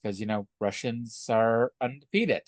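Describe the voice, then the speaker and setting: A man's voice: mid-range voice, measured pace, dry recording. A man co-hosting a podcast, joking and rambling in casual chat. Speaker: podcast co-host.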